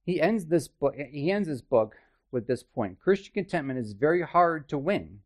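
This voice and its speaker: A man's voice: on the high side, very animated, moderate pace. A man teaching a Bible study in a conversational way, with chatty, self-deprecating asides and frequent checks with his listeners.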